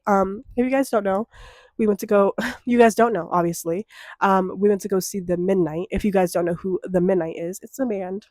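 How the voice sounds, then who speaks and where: A woman's voice: medium pitch, darkish tone, no room sound, studio quality. Chatty young woman ranting casually. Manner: chatty, swears freely, rants with mock outrage. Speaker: vlogger. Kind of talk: casual chat to camera.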